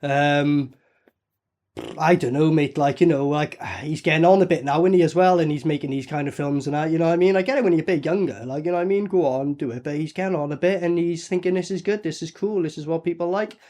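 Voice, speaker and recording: A man's voice: a little high, fast talker, darkish tone. A man reviewing a movie in sarcastic, mocking commentary full of swearing. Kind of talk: profane commentary over film clips.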